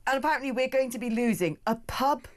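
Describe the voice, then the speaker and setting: A woman's voice: high-pitched, animated, fast talker. A woman from the of England, a radio guest chatting in a cheeky, opinionated, jokey way. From West Country of England. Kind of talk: casual opinionated studio chat. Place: radio studio.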